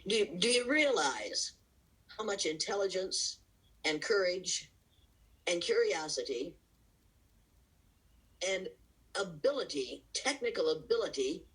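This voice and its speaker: A woman's voice: fairly low pitch, animated, takes it slowly, long pauses, fairly bright tone, breathy edge, poor audio. A woman giving impassioned, emphatic answers as an interview guest over a video call, pressing her points with rhetorical questions and breaking into laughs between them. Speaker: interview guest, diversity educator.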